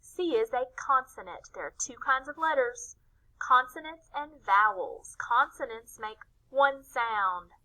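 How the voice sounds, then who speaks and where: Woman teacher with a bright, higher voice, leading a phonics lesson for small children, sing-song. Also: animated, unhurried, rough recording.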